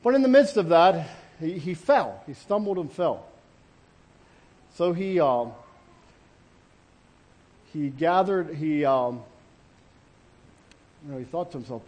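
A man preaching as a pastor in an earnest, halting way, with many restarts and fillers. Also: a little high, expressive, darkish tone. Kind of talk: sermon.

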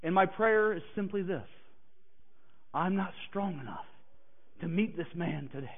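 A man preaching a personal testimony who swings from hushed, halting passages to emphatic declarations. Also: high voice, lively intonation. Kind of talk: sermon testimony. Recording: tinny phone-like sound.

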